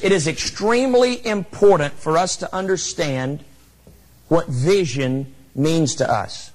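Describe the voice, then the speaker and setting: A man's voice: on the high side, measured pace, rough recording. Emphatic man giving a motivational talk. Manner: emphatic, repeats key lines for effect. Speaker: motivational speaker. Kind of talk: motivational speech. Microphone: handheld microphone.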